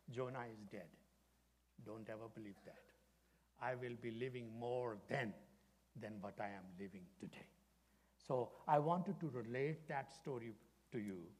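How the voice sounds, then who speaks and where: Preaching as a pastor, an older man tells his sermon like a dramatic story, shifting between booming emphasis and quiet whispers. His pitch is medium, and a long hall reverb echoes through the recording.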